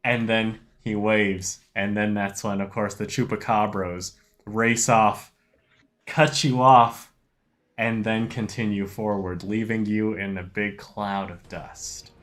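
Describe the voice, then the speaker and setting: A man narrating a tabletop game as its game master, in a relaxed, unhurried way. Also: fairly low pitch.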